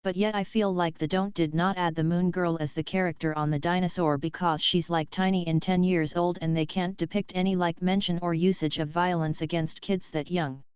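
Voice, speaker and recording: A woman's voice: on the low side, fairly even intonation, fairly quick, few pauses, a little mellow, smooth, no echo, lo-fi sound. A woman livestreamer chatting casually and offhandedly with her viewers, cursing now and then.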